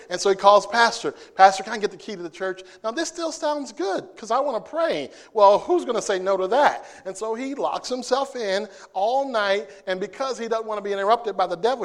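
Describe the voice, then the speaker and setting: High-voiced preacher, playful and animated. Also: male voice. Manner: playful, animated, acts out scenes. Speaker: pastor. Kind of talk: sermon.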